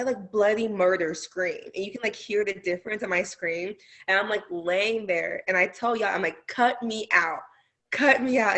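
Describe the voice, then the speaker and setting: A young adult woman, a guest wrestler, telling animated stories in a casual podcast chat with many fillers. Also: medium pitch. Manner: animated storytelling, lots of fillers.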